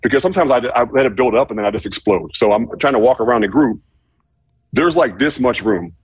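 A man casually telling a profane story, acting out shouted quotes with animated energy. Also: medium pitch, fairly quick, breathy edge, no echo. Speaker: former football player telling a story.

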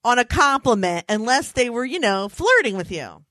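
Woman podcast co-host, casual chat, animated and teasing, dry close sound. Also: on the high side, normal speed, no room sound.

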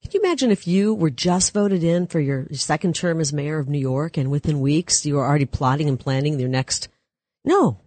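A woman's voice: sits low, fairly quick, dark tone, no room sound. Middle-aged woman, talk show guest, emphatic, punchy, dry studio sound. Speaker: political guest. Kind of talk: casual political talk show.

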